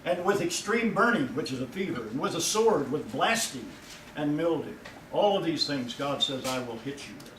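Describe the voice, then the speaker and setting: A male pastor preaching a sermon in a folksy way, his voice rising and loud whenever he quotes God. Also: on the high side, animated, moderate pace, noisy background. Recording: echoey room from far off.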